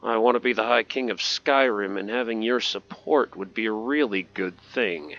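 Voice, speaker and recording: A man's voice: fairly low pitch, normal speed, a bit bright, lo-fi sound. A man doing jokey playthrough commentary, talking back to game characters. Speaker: gaming host.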